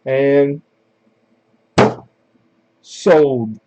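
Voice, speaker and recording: A man's voice: mid-range voice, drawn-out words, lo-fi sound, noisy background. A man hosting a live coin auction stream, calling bids in a casual, joking, chatty way.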